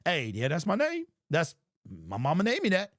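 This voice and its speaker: A man with a high voice hosts a casual sports talk show at normal speed, recorded dry in studio quality. He's animated and joking, full of big exaggerations and lots of slang.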